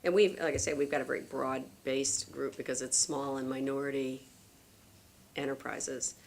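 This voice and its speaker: A low, gravelly woman's voice testifying at a public hearing. She runs a manufacturing company and talks candidly in halting restarts. Faint room noise sits behind her. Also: flat delivery.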